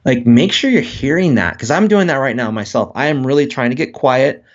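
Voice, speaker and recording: A man's voice: mid-range voice, fairly quick, highs cut off. A man, a guest author, speaking in a casual interview and acting out quoted voices as he talks. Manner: animated, acts out quoted voices.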